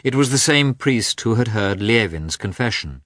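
A man reading a classic novel aloud as an audiobook narrator, in a measured, even manner. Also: mid-range voice, dry recording, clean studio sound.

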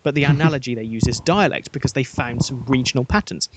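A man with a slightly husky voice co-hosts a casual podcast. He talks in a dry, jokey way and pokes fun at himself. He grew up in England's Black Country. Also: mid-range voice, fast. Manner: dry, jokey, self-mocking. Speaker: podcast host.

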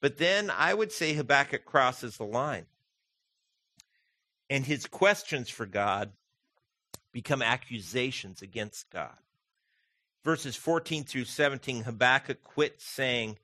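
Pastor guy giving a sermon, bright forward voice, dry close sound, chatty and asks the crowd stuff. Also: medium pitch, lively intonation, measured pace, dry recording. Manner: conversational, asks the congregation questions.

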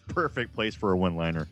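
A man co-hosting a podcast, tossing dry wisecracks and quick reactions while watching a movie. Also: low-pitched, fairly bright tone, highs cut off. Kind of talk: casual movie-watching commentary.

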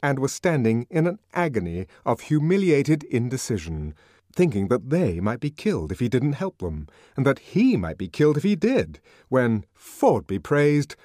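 Brief: male narrator, dramatic reading, pitch swinging wildly, dry close sound. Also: darkish tone, no room sound. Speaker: audiobook narrator. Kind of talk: scripted narration.

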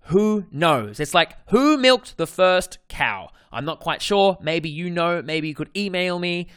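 A man's voice: high voice, animated, unhurried, fairly bright tone, clear, resonant tone, dry recording, clean studio sound. A man with an Australian accent, a dating coach hosting his podcast in a casual monologue, stressing and repeating his key points with frequent self-corrections.

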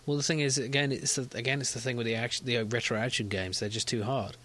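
A man co-hosting a podcast, arguing his point in casual chat and laughing easily. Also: medium pitch. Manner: animated, argumentative, quick to laugh. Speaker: podcast co-host.

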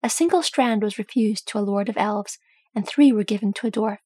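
A woman voicing an awed young dwarf who speaks in a hushed voice. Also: medium pitch, brisk, husky, no room sound, close to an everyday voice.

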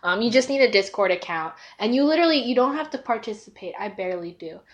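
A woman with a higher-pitched voice talks fast with lively intonation while co-hosting a podcast. The chat is casual, and she's talkative and giggly, using lots of fillers.

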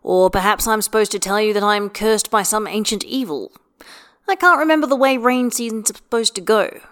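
A woman's voice: medium pitch, normal speed, a bit bright, voice pushed up, natural voice. Gale, a wry wizard, voiced by a woman. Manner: wry, lightly joking.

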